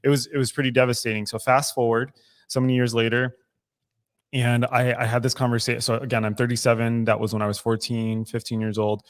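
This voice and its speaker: A man's voice: medium pitch, flat delivery, fairly quick. A man in his thirties co-hosting a recovery podcast, speaking candidly and emotionally with frequent restarts. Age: 30s. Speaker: podcast co-host. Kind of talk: casual recovery podcast talk. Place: recovery club room.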